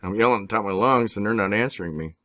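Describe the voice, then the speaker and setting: A man with a very deep, low voice tells his story in a loose, rambling way, stopping and restarting often and swearing now and then. The recording is close and dry, with no room sound. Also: fairly bright tone, no room sound. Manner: rambling, halting, frequent restarts and mild swearing. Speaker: interviewee recounting personal experiences. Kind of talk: casual spoken storytelling.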